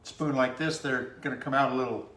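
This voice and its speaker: A man's voice: medium pitch, fairly even intonation, brisk, fairly bright tone, roomy sound. A man co-hosting a casual cooking stream from a home kitchen, explaining steps with many fillers. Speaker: cooking show co-host. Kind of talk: casual recipe instructions.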